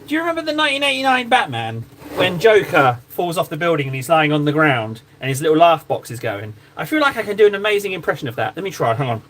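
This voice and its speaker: A man's voice: on the high side, sing-song, fast talker, a bit bright, a little hiss or hum. A man casually chatting to his stream audience while painting miniatures, joking and mocking himself. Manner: joking, self-mocking, bantering with chat.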